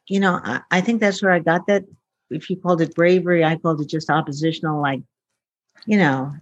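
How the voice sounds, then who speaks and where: A woman's voice: low-pitched, no echo, highs cut off. Chatty woman telling stories, dry sound. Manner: chatty, acts out quoted dialogue, many fillers. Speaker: guest, futurist. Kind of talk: casual storytelling interview.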